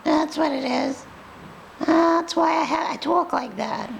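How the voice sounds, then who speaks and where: A woman's voice: slow, a little hiss or hum, full character voice, low-quality recording. A woman voicing a sassy, food-loving female pet dog with a New York accent, rambling and confiding. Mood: chatty. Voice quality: very high, gravelly. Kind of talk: comic pet voice role-play.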